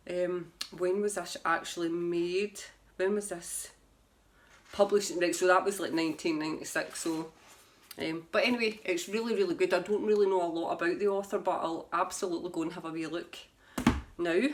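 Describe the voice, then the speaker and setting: A woman's voice: fairly low pitch, steady tone, moderate pace. A woman who reads tarot, chatting casually to camera about her books in a rambling way and laughing at herself. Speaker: tarot reader. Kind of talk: casual book chat to camera.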